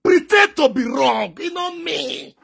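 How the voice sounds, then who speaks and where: A man's voice: very high-pitched, lively intonation, slow, creaky, shouting, a loud crowd. A man with a Nigerian Pidgin accent giving emphatic, lecturing advice to camera, often raising his voice. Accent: Nigerian Pidgin English. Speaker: social media commentator. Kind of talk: direct-to-camera advice monologue.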